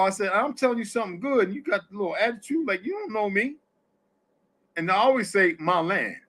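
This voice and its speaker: A man's voice: very high voice, a bit bright. A middle-aged man hosting a casual live audio chat, blunt and profane as he tells stories. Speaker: host.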